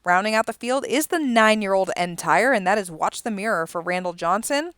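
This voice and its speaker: Smooth-voiced woman calling horse races. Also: mid-range voice, fairly quick, dry recording, clean studio sound. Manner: rising, excited calling in the stretch, chatty between races. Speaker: race caller and stream host. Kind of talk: live horse race commentary with casual asides.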